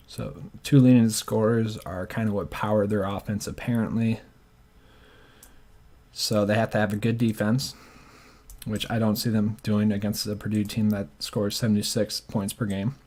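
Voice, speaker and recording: Man, lowish voice, casual thinking aloud, hesitant, lots of fillers. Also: flat delivery, normal speed, a little mellow. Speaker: sports channel host. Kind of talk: casual talk-through of bracket picks.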